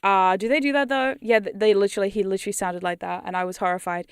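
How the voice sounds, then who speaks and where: A British woman with an accent drifting toward New Zealand, chatting casually on a livestream as a hypnosis creator, rambling, self-mocking and quick to laugh. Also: medium pitch, steady tone, smooth, no room sound, clean studio sound. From United Kingdom. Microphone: studio condenser mic.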